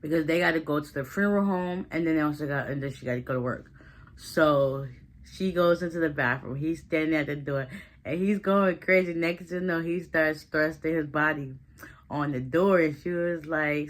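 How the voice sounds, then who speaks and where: A woman giving a casual, chatty recap of a TV episode, full of fillers and growing animated as she retells scenes. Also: sits low, normal speed. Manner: chatty, loose, heavy with fillers like "like" and "listen". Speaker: recap vlogger.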